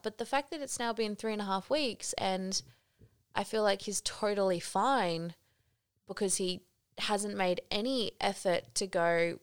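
Young woman, podcast co-host, candid chatty delivery, quick to laugh. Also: medium pitch, clear, resonant tone, no echo, studio quality. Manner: candid, laughs often, swears casually. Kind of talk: casual chat.

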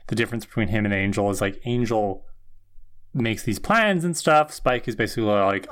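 A man co-hosting a casual podcast, picking apart a show's characters. He reasons out loud, often tags his points with a quick "right?", and swears now and then for emphasis. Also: fairly low pitch, expressive. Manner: thoughtful, checks in with frequent "right?", swears for emphasis. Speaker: podcast co-host. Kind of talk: casual analytical chat.

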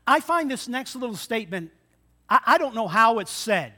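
A male pastor preaching a sermon, acting out the story in lively retellings and asking the congregation rhetorical questions. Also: very high-pitched, normal speed. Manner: dramatic retellings with shifting loudness.

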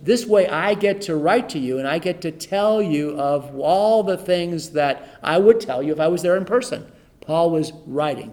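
A fairly high, slightly mellow voice belongs to a middle-aged pastor guiding an informal Bible study. He reads scripture out loud and explains it in an easygoing way, with frequent repetition.

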